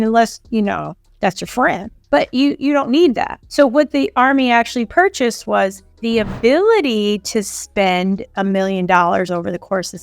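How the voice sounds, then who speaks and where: A woman's voice: fairly high pitch, clean tone, no room sound. A woman coaching on government contracts in a casual teaching style, acting out quoted callers as she explains. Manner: conversational, acts out quoted callers. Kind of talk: casual instructional talk.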